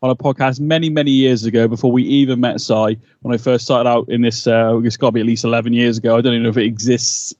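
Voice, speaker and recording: A man's voice: medium pitch, quick pace, few pauses, no room sound. Man chatting on a dull mic. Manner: rambling, animated, laughs a lot. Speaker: podcast co-host. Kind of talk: casual episode recap chat. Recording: slightly dull, dry mic sound.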